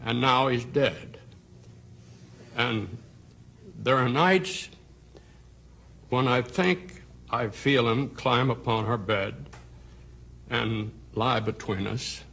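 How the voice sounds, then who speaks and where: A man reciting a poem in a slow, gentle, wistful way. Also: mid-range voice, fairly even intonation, vocal fry, husky.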